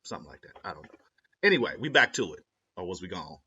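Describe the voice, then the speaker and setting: A man's voice: low voice, big pitch swings, quick pace, bright, forceful tone, slightly rough. A young man from Ohio rambling casually to camera, slangy and self-interrupting, laughing at his own jokes. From Ohio, USA. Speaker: vlogger. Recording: lo-fi dull audio.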